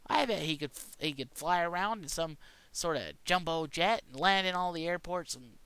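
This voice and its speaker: A man's voice: on the high side, moderate pace, bright, forceful tone, clear, resonant tone, dry recording. A man rambling through a mock-serious conspiracy rant in a casual monologue, stumbling and restarting often. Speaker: vlogger.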